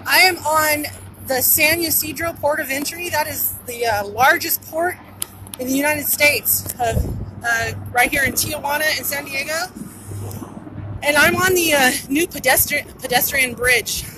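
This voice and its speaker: A woman with a high voice narrates at a measured pace while livestreaming on her handheld phone, acting as a citizen reporter with no script. Though her pace is measured, she sounds urgent, excited and a little out of breath, and she repeats herself. She is outdoors on a pedestrian bridge at a busy border crossing, with traffic and helicopters in the noisy phone audio.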